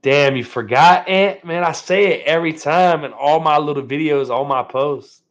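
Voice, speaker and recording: A laid-back man chats with his viewers on a live stream from home, thanking them over and over and tagging "man" onto his phrases. His voice sits a little high for a man, and the stream audio sounds dull and lo-fi. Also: normal speed.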